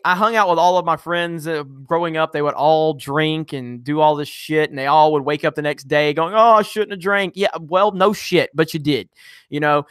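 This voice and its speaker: A man with a somewhat high, slightly bright, smooth voice hosts a casual live stream for his YouTube channel, reading viewer comments and ranting bluntly. He swears a lot and keeps restarting his sentences as he rambles. The studio recording is clean, with no room sound.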